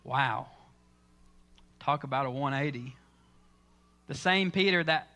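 A man's voice: mid-range voice, takes it slowly, sharp tone. A man preaching a sermon in church, telling the story with dramatic, acted-out lines. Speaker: pastor.

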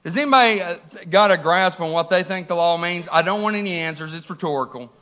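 A man preaches a sermon in a church, lively and questioning, often turning to the congregation. His voice sits high and has a bright, forward ring. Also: quick pace. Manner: animated, asks the congregation questions.

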